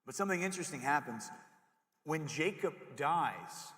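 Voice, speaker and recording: A young man giving a jokey, animated chapel sermon to middle schoolers, often acting out voices as he goes. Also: on the high side, moderate pace. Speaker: youth pastor. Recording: echoey hall with long reverb.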